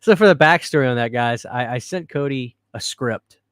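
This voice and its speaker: A man's voice: mid-range voice, lively intonation, moderate pace, fairly bright tone, clean tone, no echo, studio quality. A man hosting a casual live stream, chatting loosely, answering viewer comments and laughing easily. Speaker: livestream host. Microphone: studio microphone.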